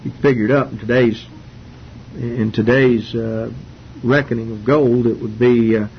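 A man's voice: fairly even intonation, measured pace. A man teaching through a Bible passage in an informal, folksy way, with frequent fillers and restarts. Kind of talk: informal Bible study sermon. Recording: dull lo-fi recording with faint rumble.

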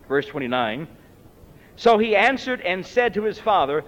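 A man's voice: sing-song, moderate pace. A man preaching a sermon in an emphatic, dramatic way, his voice rising and falling sharply. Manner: emphatic, dramatic swings in pitch and loudness. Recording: lo-fi recording with long hall reverb.

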